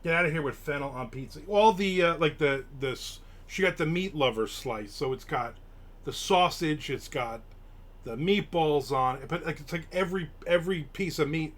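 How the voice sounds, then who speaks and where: A middle-aged man hosting a live stream, rambling casually with lots of fillers and sudden bursts of excitement. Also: fairly high pitch, moderate pace. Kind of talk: casual chat, reading and answering chat.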